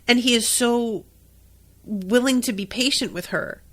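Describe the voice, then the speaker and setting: A woman's voice: fairly high pitch, unhurried, a bit bright. A woman hosting a podcast, recapping a TV episode in casual chat, emotional and swearing freely, crying at times. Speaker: podcast host.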